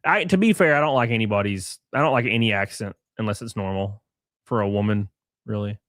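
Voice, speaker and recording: A man's voice: on the low side, fairly quick, fairly bright tone, no room sound, clean studio sound. A man from Alabama with an Alabama Southern accent, hosting a casual livestream, reading chat and rambling with crude joking asides.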